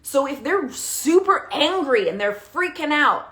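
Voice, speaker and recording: A woman with a fairly high voice speaks as a parenting coach, talking straight to her listeners. She is animated and emphatic, leans hard on key words, and keeps checking in with a short "okay?". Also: a little slow. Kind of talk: direct-to-camera coaching talk.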